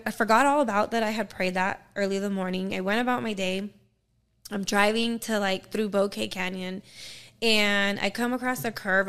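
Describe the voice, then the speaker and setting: A woman's voice: medium pitch, a bit bright, clean tone. A woman guest on a podcast, earnestly telling a personal faith story in a casual, filler-heavy way.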